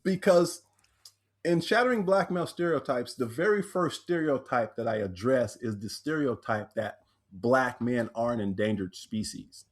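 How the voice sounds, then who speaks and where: A man, a speaker and author, telling personal stories in a podcast interview, animated and acting out the voices he quotes. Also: medium pitch, normal speed.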